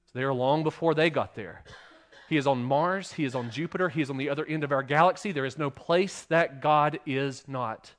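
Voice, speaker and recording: A man giving a sermon as pastor, asking the congregation rhetorical questions and swinging between loud emphasis and quiet, hushed lines. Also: fairly high pitch, normal speed.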